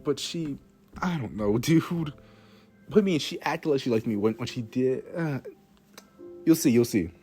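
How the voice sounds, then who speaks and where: A man's voice: medium pitch, animated, a little slow, long pauses, warm tone, slightly rough, soft background music. A teenage boy telling a rambling, self-mocking story about his own life, swearing often and restarting his sentences. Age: teens. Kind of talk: casual storytime monologue.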